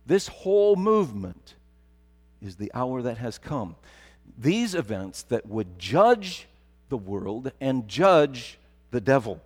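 A man's voice: mid-range voice, sing-song, takes it slowly, husky. A middle-aged man preaching a sermon, telling stories and building to emphatic repetition. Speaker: pastor. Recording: long hall reverb.

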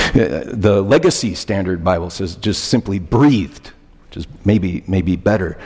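A man's voice: lowish voice, slow pace, husky. A man preaching a sermon as pastor, emphatic and questioning, repeating key phrases. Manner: animated, questioning, emphatic repetitions. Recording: long hall reverb.

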